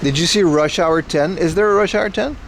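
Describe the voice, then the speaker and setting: A man's voice: high-pitched, a little fast, vocal fry, a little hiss or hum. A man streaming live while browsing a secondhand electronics shop indoors, rambling and cracking jokes to his chat on a mobile rig. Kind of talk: casual IRL livestream commentary.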